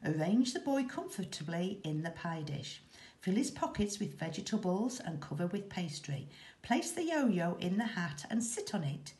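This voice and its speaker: A woman teacher reading a children's story aloud in a slow, expressive, rhythmic way. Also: lowish voice. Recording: echoey room.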